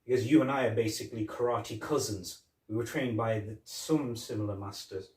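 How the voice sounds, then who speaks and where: A man's voice: fairly low pitch, brisk, darkish tone. A man co-hosting a podcast, casually chatting and retelling movie scenes with quoted lines and laughs. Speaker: podcast co-host. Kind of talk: casual chat. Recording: roomy, from a distance.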